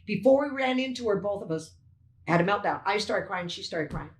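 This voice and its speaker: A woman's voice: medium pitch, lively intonation, a little fast. An older woman giving an emphatic, indignant first-hand witness statement as a poll challenger, retelling events as dialogue. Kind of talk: emotional first-hand testimony. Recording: echoey room.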